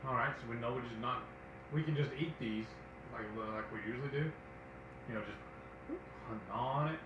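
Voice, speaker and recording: A man's voice: mid-range voice, normal speed, lo-fi sound. Man in a very echoey kitchen. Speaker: cooking channel co-host. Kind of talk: casual live-stream cooking chat. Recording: very echoey room with background noise.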